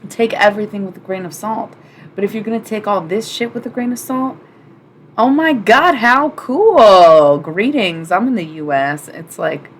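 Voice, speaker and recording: A young woman streamer reads oracle cards live and chats loosely with her viewers. She talks in a slightly low voice, swears freely and leans on filler words. Her delivery jumps into loud, excited outbursts, and faint noise hums behind her. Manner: chatty, profane, full of "like" fillers.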